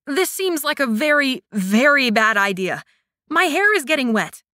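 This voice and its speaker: A woman's voice: high-pitched, very animated, a little slow, sharp tone, no echo, clean studio sound, pitched above the performer's own voice, heavily acted. Woman reading as a stubborn young woman warrior. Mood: protesting. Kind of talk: audiobook narration.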